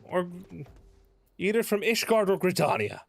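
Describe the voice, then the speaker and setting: Lively man thinking aloud while gaming. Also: high voice, normal speed, gravelly, no echo, soft background music. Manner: thinking aloud, reading quest text. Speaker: streamer. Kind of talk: casual let's play commentary.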